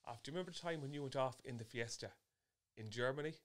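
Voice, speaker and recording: A man's voice: medium pitch, fast talker, slight background noise. A man co-hosting a casual rally chat, teasing his co-host and recalling his own navigating days with enthusiasm.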